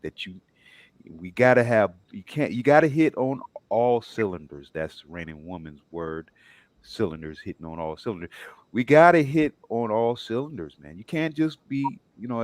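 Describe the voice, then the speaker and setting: A low-voiced man talks on a panel in a measured, preaching way. He pauses often on fillers as he builds his points. His voice is close and dry, with no room sound. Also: no echo.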